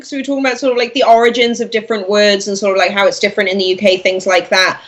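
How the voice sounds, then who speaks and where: A woman's voice: a little high, fast, hardly any pauses. Chatty young woman raised in Wales. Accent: Welsh-born, speaking with an American-leaning accent. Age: 20s. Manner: chatty, animated, many "like" fillers. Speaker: guest commentator. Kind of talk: casual talk-radio interview.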